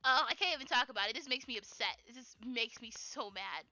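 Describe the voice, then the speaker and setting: A young adult woman chatting casually while she draws on a live stream, rambling in an animated way with lots of fillers and giggles. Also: a little high, quick pace, no room sound, dull audio, faint music behind. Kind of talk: casual chat while drawing.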